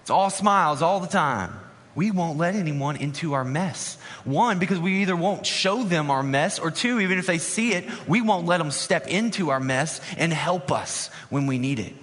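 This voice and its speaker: A man's voice: on the high side, animated, a bit bright. Conversational male pastor in a reverberant hall. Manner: conversational, with slow dramatic pauses on key words. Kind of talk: sermon. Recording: long reverb in a large hall.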